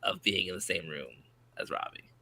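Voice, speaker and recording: A man's voice: low voice, steady tone, normal speed, gravelly, noisy background. A man co-hosting a podcast who talks hesitantly, restarting his sentences. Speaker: podcast co-host. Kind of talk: casual chat.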